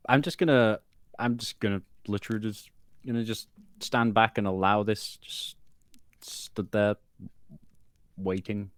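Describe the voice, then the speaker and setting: Man, tabletop player, lowish pitch, dry recording, deadpan quips. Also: measured pace, pauses often, dry recording. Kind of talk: casual game chat.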